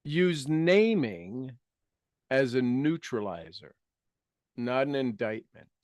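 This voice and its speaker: A man leading a self-help talk, guiding listeners through exercises and asking rhetorical questions, with his loudness rising and dropping. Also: mid-range voice, big pitch swings, slow, no echo, dull audio. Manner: rhetorical questions, repeats phrases for emphasis. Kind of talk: coaching talk with guided exercises.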